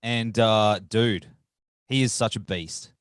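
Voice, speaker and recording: A man's voice: fairly low pitch, slow pace, clean tone, dry recording, clean studio sound. Laid-back male host, morning voice. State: rough morning voice. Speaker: podcast host. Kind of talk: casual interview chat.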